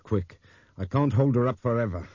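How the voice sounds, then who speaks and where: A man's voice: extremely low pitch, moderate pace, warm tone, husky, no echo, lo-fi sound. A man doing a clipped man in a crisis. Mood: urgent.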